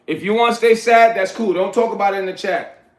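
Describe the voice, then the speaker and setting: New guy on a livestream, blunt and preachy, kinda high voice, echoey room. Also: fairly even intonation, fairly quick. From New York. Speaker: livestream host. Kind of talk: casual livestream chat, reading chat aloud.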